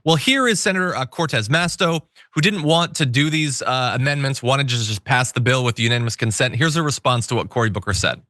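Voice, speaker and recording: Guy hosting a politics show, bright animated voice, dry close sound, kinda wry. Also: mid-range voice, brisk, hardly any pauses, dry recording. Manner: conversational, wry, opinionated. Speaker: political commentary host. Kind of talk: casual news commentary.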